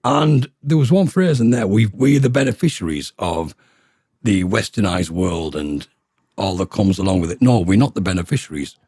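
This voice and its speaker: A working-class man ranting with a blunt, swearing edge. His pitch swings widely, and his voice is dark and a little husky. The sound is close and dry, with no room echo. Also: lively intonation, moderate pace. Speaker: vlogger. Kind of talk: ranting monologue.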